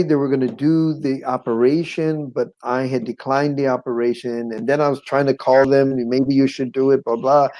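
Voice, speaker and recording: A middle-aged man recounting a personal testimony as a guest, his voice sitting at an ordinary mid pitch. He talks in a loose, conversational way, tossing in "you know what I'm saying". He slips into the voices of the people he quotes and chuckles as he goes. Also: low-quality recording. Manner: animated, acts out quoted voices, chuckles often. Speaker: guest sharing his life story.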